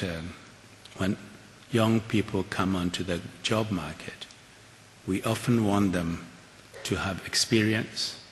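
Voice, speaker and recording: An older man speaks in a very low voice, earnest and measured, often restarting his sentences. He is recorded in a large auditorium, so his voice carries a long reverb. A faint hiss sits under it. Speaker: keynote speaker. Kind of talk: lecture and audience Q&A.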